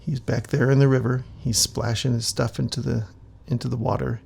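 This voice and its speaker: Gravelly man reading his comic aloud. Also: mid-range voice, brisk. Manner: relaxed, musing asides. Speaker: comic author and reader.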